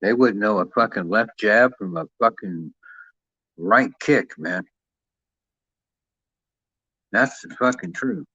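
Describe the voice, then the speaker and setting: A man's voice: fairly low pitch, slow pace, pauses often, bright, forceful tone, breathy edge, no echo. A man hosting a boxing channel who talks in a profane, rambling, boastful way. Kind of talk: casual rambling chat. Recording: dull lo-fi sound.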